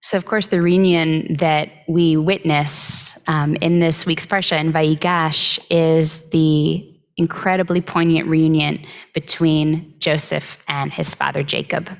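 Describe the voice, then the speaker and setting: A woman delivers a conversational sermon in a lowish voice with a gravelly, creaky edge. She sounds reflective and unhurried, pausing often and reaching for words as she teaches. She is recorded on a close microphone. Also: flat delivery. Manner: reflective, unhurried, with frequent pauses and filler words. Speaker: clergy giving the weekly Torah talk.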